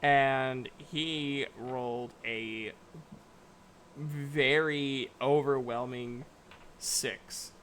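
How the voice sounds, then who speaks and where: A man narrating as game master of a tabletop game, halting with many fillers and giggles. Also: mid-range voice, fairly even intonation, a bit bright, a little hiss or hum.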